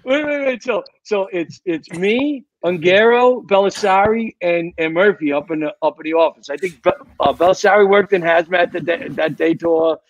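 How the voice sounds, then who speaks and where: A man's voice: sits high, moderate pace, few pauses, no room sound, lo-fi sound. A man, a retired fire captain, telling rambling stories in a casual chat and repeating his words as he goes. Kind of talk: casual storytelling.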